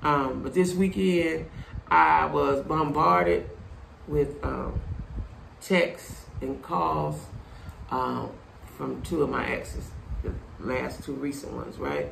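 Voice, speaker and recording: A woman's voice: deep voice, takes it slowly, vocal fry. A middle-aged woman delivering a blunt, preachy monologue as a vlogger, speaking emphatically to her viewers. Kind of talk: casual monologue to camera. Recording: echoey room, faint background noise.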